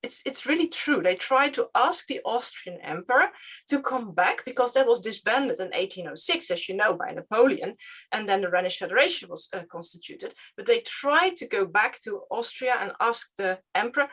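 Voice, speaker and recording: A woman historian whose first language is Dutch, talking casually on a panel and often pausing with fillers to search for words. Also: fairly high pitch, expressive, fairly bright tone, slightly rough. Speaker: historian guest.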